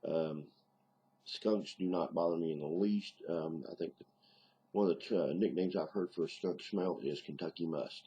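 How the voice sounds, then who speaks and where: A middle-aged man with a Southern US accent rambles through a casual video diary, saying "um" a lot. His voice is low-pitched, dark and husky, at a moderate pace.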